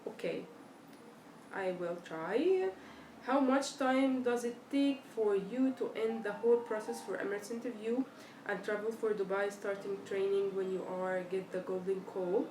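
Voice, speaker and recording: Answering questions from viewers on a live stream, this young woman is chatty and animated, telling stories and voicing the dialogue she quotes. She speaks at normal speed in a mid-range voice; the room echoes and faint noise sits underneath.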